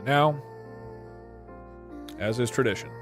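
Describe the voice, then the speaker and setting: A man's voice: mid-range voice, takes it slowly, fairly bright tone, faint music behind. A young man hosting a stream, chatting casually and rambling through wry asides to his chat. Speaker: streamer host.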